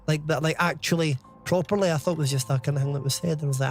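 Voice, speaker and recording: A man's voice: on the high side, quick pace, faint music behind. A man chatting casually on a game live stream, rambling and laughing often.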